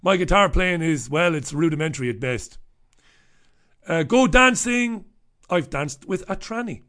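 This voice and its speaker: Man rambling with bright, irreverent humor. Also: a little high, lively intonation, measured pace. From Ireland. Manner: rambling, irreverent, swears freely. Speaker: radio host. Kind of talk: casual comic monologue.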